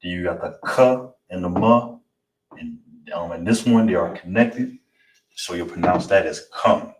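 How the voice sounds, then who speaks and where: A man teaching a language class, saying each word slowly and patiently and repeating it. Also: low-pitched. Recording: roomy, distant mic with clatter.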